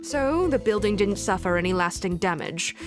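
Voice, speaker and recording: A woman's voice: mid-range voice, animated, normal speed, over music, natural voice. A woman voicing a friendly, polite male neighbor in a video game.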